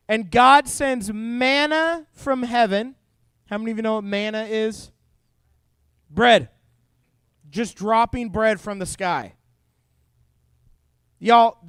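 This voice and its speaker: A man's voice: high-pitched, clean tone, dry recording. A young man giving a jokey youth sermon, telling funny stories to teenagers. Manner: jokey, animated storytelling to teens. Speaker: youth pastor.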